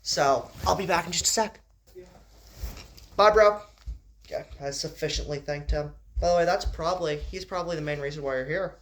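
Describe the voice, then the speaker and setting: Male amateur narrator reading a story, relaxed delivery with frequent restarts. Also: a little high, moderate pace. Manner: stumbles and restarts, casual asides.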